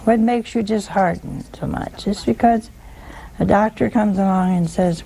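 A woman's voice: medium pitch, a little slow, vocal fry, warm tone, slight background noise. A woman giving a folksy sermon, chatty and teasing, full of rhetorical questions to her listeners. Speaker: religious teacher.

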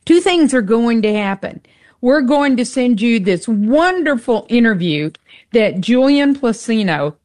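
A woman co-hosting a radio pledge drive, fervent and pressing, who fires off quick rhetorical questions and repeats the call-in number. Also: on the high side. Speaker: radio co-host. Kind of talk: on-air pledge drive appeal. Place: radio studio.

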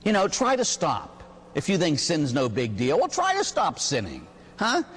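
A man, a Catholic priest, preaching a sermon and telling stories with animated emphasis. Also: a little high, moderate pace, breathy edge. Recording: echoey hall.

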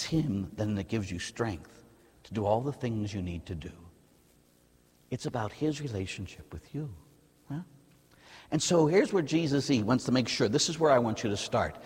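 Middle-aged American priest, husky, lively, sermon with a long church echo. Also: male voice, medium pitch, moderate pace. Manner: lively, conversational preaching, asks the audience "huh?".

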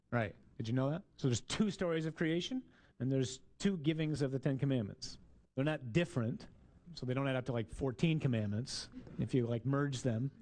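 A man's voice: medium pitch, darkish tone. A man, a priest, giving a conversational sermon with jokes and asides to the congregation.

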